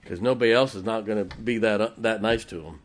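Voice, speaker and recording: A man preaching who retells the words of a gruff, approving elderly man in a plainspoken, folksy way. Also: lowish voice, quick pace, lightly acted.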